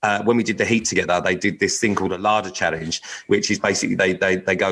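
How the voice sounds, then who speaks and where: A man's voice: low voice, fairly quick, a bit bright. A man, co-hosting a podcast with cheeky, sweary banter. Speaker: podcast co-host. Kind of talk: casual chat.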